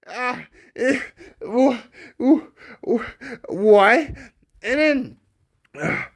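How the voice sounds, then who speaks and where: A man's voice: extremely high pitch, expressive, drawn-out words. Exasperated, sarcastic young man ranting. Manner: exasperated, sarcastic, laughs often. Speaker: anime reviewer. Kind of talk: casual ranting review commentary.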